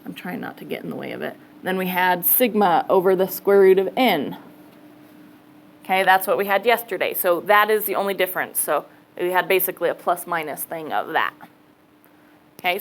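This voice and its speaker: A woman's voice: fairly low pitch, brisk, poor audio. A woman math teacher giving a casual classroom lecture, thinking aloud and checking in with students. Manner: casual, chatty, thinks aloud, says okay often.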